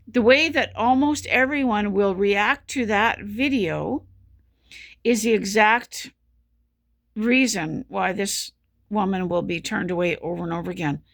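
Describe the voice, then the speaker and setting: A woman's voice: mid-range voice, unhurried, vocal fry, fairly bright tone. A woman telling her own story as a patient, in an earnest, frustrated way and with lots of repetition. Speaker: patient sharing her experience. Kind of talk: casual spoken commentary.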